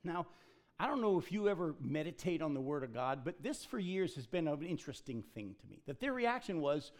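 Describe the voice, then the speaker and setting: A man's voice: fairly high pitch, sing-song, brisk. A middle-aged male pastor delivering a sermon with a slightly raised voice. He talks in a folksy way, drops jokes and casual asides, and reads scripture aloud between them.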